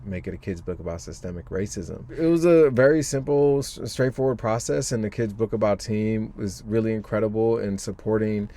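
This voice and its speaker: A man's voice: fairly low pitch, brisk, hardly any pauses, warm tone. A man, a guest author on a podcast, speaking earnestly and thoughtfully with many fillers. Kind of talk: podcast interview.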